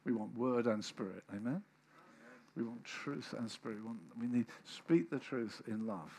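A man's voice: mid-range voice, normal speed, slight background noise. A man, preaching a sermon, telling stories and acting out the voices of people in them. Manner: animated storytelling, acting out quoted voices.

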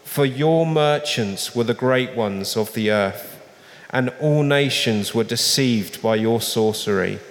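Slow, solemn man reading scripture. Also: mid-range voice. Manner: slow, solemn reading, rising for quoted cries. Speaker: scripture reader. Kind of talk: public Bible reading. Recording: long reverb.

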